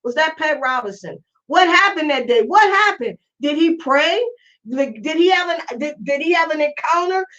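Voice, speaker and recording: Woman commentator, high voice, animated and incredulous, muffled lo-fi sound. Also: moderate pace. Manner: incredulous, exclaiming, rhetorical questions. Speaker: host. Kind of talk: casual commentary. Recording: lo-fi muffled recording.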